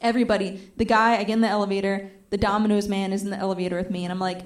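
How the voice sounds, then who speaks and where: A woman's voice: medium pitch, racing, hardly any pauses. A young adult woman telling a stand-up comedy story, acting out the voices of the people in it, with audience laughter behind her. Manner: animated, acts out quoted voices.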